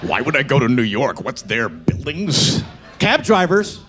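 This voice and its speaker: A man's voice: medium pitch, very animated, measured pace, fairly bright tone, husky. A male comedian, chatting with a club crowd and breaking into sung song parodies. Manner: chatty crowd work, breaks into singing over guitar. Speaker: stand-up comedian. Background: guitar.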